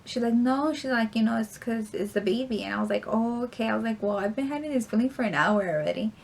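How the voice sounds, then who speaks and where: A woman's voice: fairly high pitch, fast talker, vocal fry, slight background noise. A young woman vlogger telling a story in a casual, rambling way, full of filler words and casual swearing.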